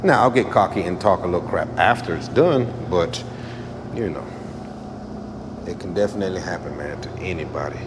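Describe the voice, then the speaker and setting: A low-voiced man gives a relaxed, chatty shop update as an auto painter. He keeps circling back to the same phrases and tosses in "man" often. A steady hum of machinery fills the background. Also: normal speed. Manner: laid-back, repeats phrases, peppers talk with "man". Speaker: automotive painter. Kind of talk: casual shop vlog.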